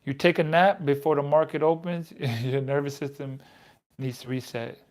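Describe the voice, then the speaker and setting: A man's voice: fairly high pitch, fairly even intonation, normal speed, a little mellow. A man casually reading trading advice aloud and reacting to it in his own words, repeating lines for emphasis. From United States. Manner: reads text aloud then comments, emphatic repetition. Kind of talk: casual reflective self-talk.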